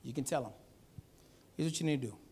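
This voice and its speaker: A pastor preaching a Sunday sermon, telling a family story with acted-out voices. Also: male voice, medium pitch, fast, breathy edge. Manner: animated storytelling, acts out voices.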